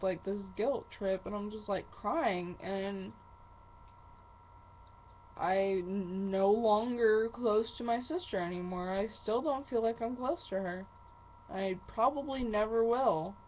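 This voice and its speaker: Slow-talking woman venting, lo-fi sound. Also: medium pitch, slight background noise. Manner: heavy swearing, slow halting phrasing. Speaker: vlogger. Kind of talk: angry venting monologue to camera.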